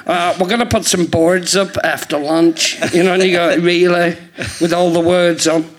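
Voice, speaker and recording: A man's voice: high-pitched, steady tone, moderate pace. A man telling rambling stories in casual chat on a theatre stage, laughing often. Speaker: guest comedian. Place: theatre stage before a live audience.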